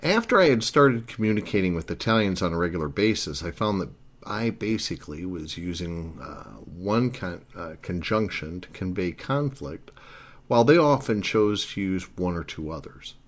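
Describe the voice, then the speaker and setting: Guy with a low voice teaching italian grammar, lots of ups and downs when he talks, earnest. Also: lively intonation, normal speed. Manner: earnest, explains step by step. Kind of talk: explanatory lesson narration.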